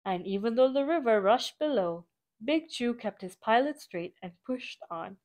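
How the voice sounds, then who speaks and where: A woman reading a picture book aloud to children in an animated way, adding sound effects. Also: on the high side, unhurried. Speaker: storybook reader.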